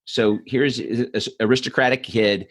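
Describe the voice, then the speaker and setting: A man's voice: mid-range voice, steady tone, a little slow, fairly bright tone. A man hosting a podcast, chatting casually and telling stories in a rambling way with many fillers and restarts. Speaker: podcast host, answering questions. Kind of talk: casual chat, storytelling.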